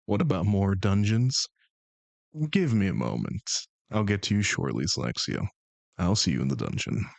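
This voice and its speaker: A man's voice: deep voice, sing-song, normal speed, creaky, no echo. A man hosting a live stream, chatting casually and playfully bantering with his chat and thanking viewers. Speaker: streamer host.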